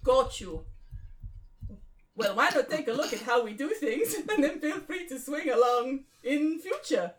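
A woman's voice: high voice, animated, measured pace. A woman with a northern English accent voicing Gary, a chummy Spanish man who leads a historical reenactment group, in a put-on Spanish accent in a comedy sketch. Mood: jovial.

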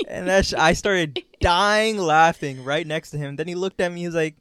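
A man's voice: on the high side, steady tone, normal speed, hardly any pauses, fairly bright tone, smooth, no echo. A young man co-hosting a podcast, telling stories in casual chat and laughing often as he talks. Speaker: podcast co-host.

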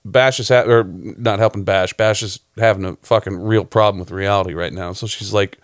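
A man's voice: on the low side, fairly even intonation, moderate pace, few pauses, no room sound, clean studio sound. A man who directed a short film, chatting loosely about it on a podcast, rambling and swearing often. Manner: rambling, profane, laughs often. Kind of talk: casual podcast chat.

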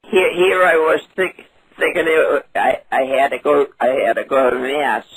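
A quavering old lady, as a man puts her on for a prank call, her voice raspy and breathy with fry. Her pitch wanders up and down as she stammers, loses her thread and asks people to speak louder. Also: expressive, no echo, exaggerated voice, low-quality recording. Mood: muddled. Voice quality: quavering, creaky. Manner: rambling, halting, mishears. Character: confused frail old woman on the phone. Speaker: prank caller.

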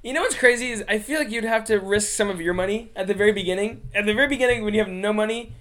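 A young man in a casual podcast chat, cutting in with quick remarks. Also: sits high, a bit bright. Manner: quick, interjecting. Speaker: podcast guest.

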